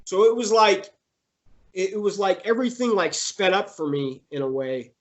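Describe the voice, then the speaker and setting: A man's voice: high voice, highs cut off. Young male interviewee; hesitant, filler-heavy, emotional. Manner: halting, many fillers and restarts. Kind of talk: personal storytelling in conversation.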